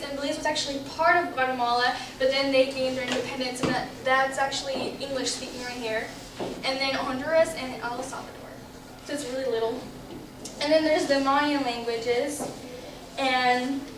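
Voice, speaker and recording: In a classroom presentation, a young female student speaks chattily and uses examples to explain her informative topic. Her voice sits high, captured as roomy audio by a distant camera with slight background noise.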